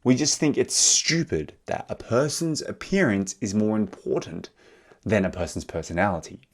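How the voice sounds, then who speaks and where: A man with an Australian accent teaching an English lesson, speaking slowly and clearly and slipping into Korean translations. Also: on the low side.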